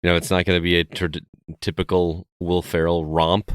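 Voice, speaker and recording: A man's voice: low-pitched, a little fast, clear, resonant tone. A man hosting a casual podcast, chatting easily and reading out the show's plugs. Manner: relaxed and chatty, reads show plugs. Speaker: podcast host.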